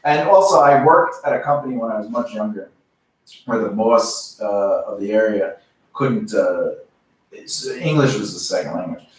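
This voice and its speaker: A lively man with a New York accent swings his voice up and down as he tells stories and laughs often in casual chat. He sounds far from the mic in a very echoey room. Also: lowish voice, moderate pace. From Long Island, New York. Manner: animated storyteller, laughs often. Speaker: podcast co-host.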